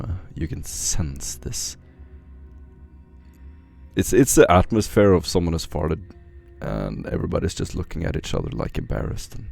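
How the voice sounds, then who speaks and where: A man narrating a tabletop game as game master, describing scenes slowly with many fillers. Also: sits low, creaky, darkish tone.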